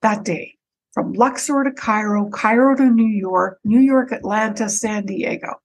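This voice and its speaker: A woman guest on a podcast, telling a personal story in an animated way, with frequent restarts and repeated words. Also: medium pitch, a little slow, rough recording. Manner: animated, breaks into her own quoted speech.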